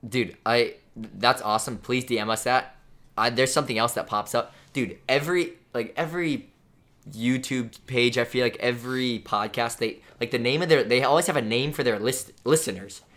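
A man's voice: mid-range voice, moderate pace, a bit bright. A young man, a pro volleyball player, co-hosting a podcast in rambling casual chat. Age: young adult. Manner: rambling, lots of "dude" and "like".

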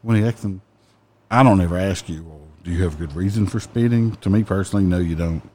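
A man's voice: low-pitched, fast talker, slight background noise. A man who used to be a police officer tells his work stories in casual chat, blunt and profane. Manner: blunt, profane, mimics people loudly.

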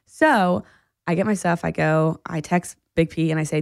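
Low, gravelly woman telling a story. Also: moderate pace, dry recording, clean studio sound. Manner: animated storytelling with laughs. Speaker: podcast co-host. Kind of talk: casual chat.

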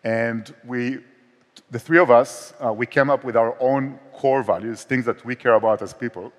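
A man with an Israeli accent, a startup co-founder and CEO appearing as a guest, has a mid-range voice with fairly even intonation and a moderate pace. He speaks candidly and self-deprecatingly from a conference stage in a large hall, restarting often, and the recording has long hall reverb.

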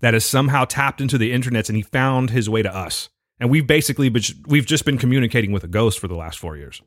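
A man's voice: mid-range voice, fast, no echo, studio quality. A man co-hosting a podcast, telling jokey stories and swearing casually as he riffs. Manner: joking, storytelling, swears casually. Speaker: podcast co-host.

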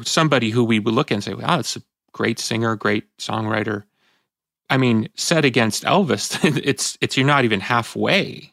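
A podcast host in his fifties talks in a reflective, conversational, halting way, often breaking off and restarting as emotion catches him. His gravelly, mid-range, slightly bright voice is recorded close and dry, with no echo.

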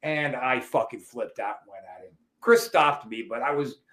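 A man telling profane, animated stories as a guest in a casual chat. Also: mid-range voice, normal speed. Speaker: wrestling promoter guest.

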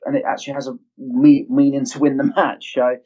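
A man's voice: medium pitch, level tone, fairly quick, dark tone, husky. A man co-hosting a casual podcast, talking in an emphatic, opinionated way. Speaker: podcast co-host. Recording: dull lo-fi audio.

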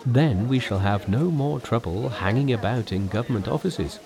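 A man's voice: medium pitch, moderate pace, creaky, darkish tone, lightly acted. A man voicing an earnest, proper male pilgrim monk in an audiobook.

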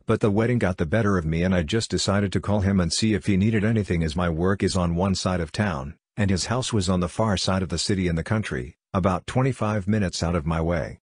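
A man reading ghost stories in a steady, measured scripted narration. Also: low-pitched, slightly rough, no echo, clean studio sound.

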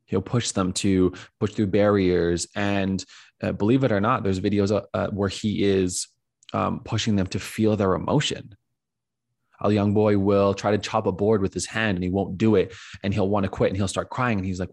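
A man's voice: on the low side, flat delivery, moderate pace, vocal fry, darkish tone, dry recording, clean studio sound. A man hosting a podcast, talking earnestly in a reflective conversation, often searching for words with fillers and restarts. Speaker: podcast host.

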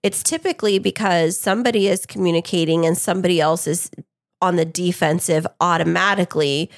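Female podcast co-host with vocal fry, dry close sound, relaxed conversational questions. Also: on the low side, brisk, no echo. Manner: conversational, reflective, gives personal examples. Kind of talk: casual interview chat.

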